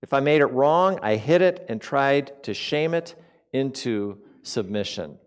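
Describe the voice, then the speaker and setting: A man delivers an informal sermon to a spiritual community in an easy, conversational tone. His voice keeps jumping between forceful bursts of emphasis and soft, low asides. He often turns to his listeners with direct questions. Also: lively intonation, a little slow, clear, resonant tone. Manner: conversational, with sharp swings between loud emphasis and quiet asides; asks the audience questions.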